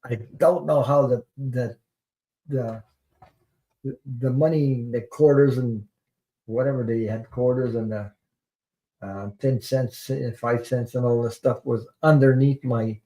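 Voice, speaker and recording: A man's voice: medium pitch, unhurried, pauses often, dark tone. A man hosting a tarot live stream, telling a personal story in an earnest, rambling way and repeating words for emphasis.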